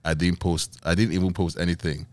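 A man's voice: low voice, level tone, brisk, a little mellow. A man hosting a casual podcast chat, laughing often and repeating words as he searches for them. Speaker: podcast host.

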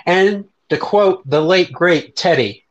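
A man's voice: sits high, slow pace. A young man in casual podcast chat, joking crudely and swearing freely between laughs. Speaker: podcast co-host. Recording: dull lo-fi sound.

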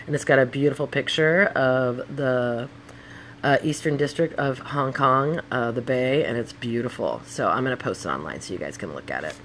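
Middle-aged podcast host, casual storyteller, blunt and swears freely, mid-range pitch. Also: normal speed, a bit bright, a little hiss or hum. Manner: blunt and profane, with heated outbursts.

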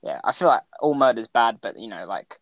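A man's voice: mid-range voice, big pitch swings, brisk. A young man co-hosting a casual podcast, rambling with lots of "like" and "you know". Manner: rambling, heavy use of "like" and "you know", laughs a lot. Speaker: podcast co-host. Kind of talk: casual chat.

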